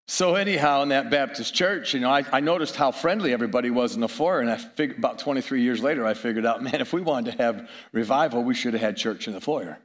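A man's voice: medium pitch, fast, hardly any pauses. A middle-aged man preaching a sermon, telling stories with chuckles and asides to the audience.

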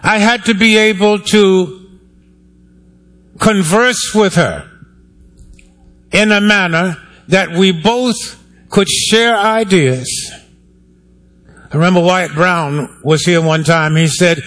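A man preaching in a church sanctuary, his voice sitting a little higher than most men's. He talks to the congregation in a wry, conversational way and draws them in with questions. The delivery is a sermon, not a lecture. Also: slow pace, fairly bright tone. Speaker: pastor.

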